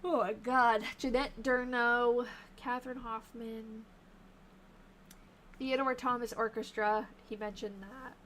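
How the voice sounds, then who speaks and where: Taking it slowly, a tired, yawning woman with a fairly high, steady, slightly bright voice chats casually on her live stream while reading aloud. She's researching old diaries, thinking aloud over old newspaper snippets and talking to viewers, with slight background noise.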